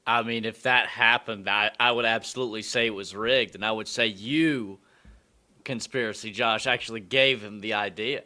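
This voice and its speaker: Bright, teasing male radio co-host. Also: lowish voice, fairly even intonation, normal speed. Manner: teasing, jokey. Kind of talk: casual sports talk radio.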